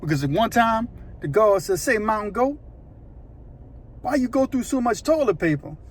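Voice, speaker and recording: Man, high voice, casual animated prison storytelling. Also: normal speed, slightly rough. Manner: animated, slangy, acts out voices and sounds. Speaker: storyteller recounting prison life.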